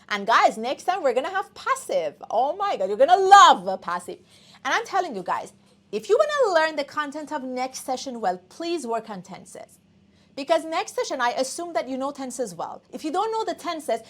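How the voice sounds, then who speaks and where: A woman's voice: high-pitched, fairly bright tone. A woman whose first language is Persian, teaching an online English test class, coaxing students and often checking in with "okay?".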